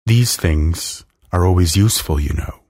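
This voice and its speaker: A man reading a storybook aloud, voicing a male king cobra lord who speaks in a soft, slow, hissing way. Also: low-pitched. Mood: soft, courtly. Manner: soft, slow, stately hiss.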